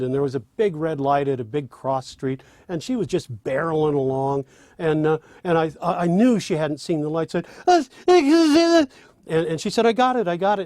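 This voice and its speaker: Man, fairly high-pitched, dry close sound; animated teacher of songwriting who speaks and sings example lines. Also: no echo. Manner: demonstrates by speaking and singing lines; animated, with restarts. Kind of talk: spoken lesson with sung examples.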